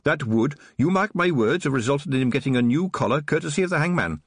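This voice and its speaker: A man's voice: fairly high pitch, lively intonation, fast, breathy edge, dry recording, voice pushed up. A man voicing a sinister, honeyed old witch who runs a shop, gleeful and menacing. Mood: sweetly sinister. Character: sinister sugary old woman witch shopkeeper. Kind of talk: audiobook character voice.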